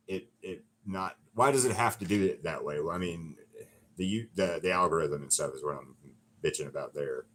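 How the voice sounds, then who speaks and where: Very deep-voiced middle-aged man rambling. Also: fairly bright tone. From Alabama, USA. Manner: rambling, swears freely, talks straight to chat. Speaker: painter talking to viewers on a livestream. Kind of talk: casual livestream chat.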